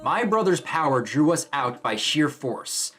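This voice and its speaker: A solemn old hero spirit speaks in a grave, measured tone, as a man reads him aloud from a comic, a touch lower and slower than everyday talk. The voice carries a quiet weight, steady rather than theatrical. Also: faint music behind, heavily acted. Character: solemn ancient male hero spirit, the first wielder.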